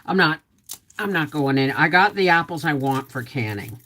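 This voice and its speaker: A woman's voice: low voice, lively intonation, moderate pace, a bit bright. A middle-aged woman hosting a casual homestead livestream, rambling chattily and greeting viewers by name, her voice a little off. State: voice slightly off.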